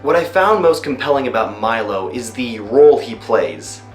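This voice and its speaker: A man who works as a voice actor chats loosely about his roles in a behind-the-scenes interview, often pausing on ums and you-knows. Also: medium pitch, animated. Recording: roomy room echo. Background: faint music.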